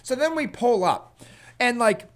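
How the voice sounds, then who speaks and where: A man in his thirties co-hosting a podcast, telling a family story in a casual, animated way, often laughing and acting out what people said. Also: very high voice, measured pace. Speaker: podcast co-host.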